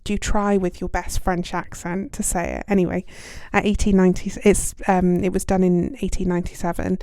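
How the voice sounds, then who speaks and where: A woman's voice: on the low side, level tone, brisk, warm tone, smooth, no room sound, clean studio sound. A young British woman hosting a podcast, talking in a casual, self-deprecating way with plenty of ums and likes. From United Kingdom. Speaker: podcast host. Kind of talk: casual reflective monologue.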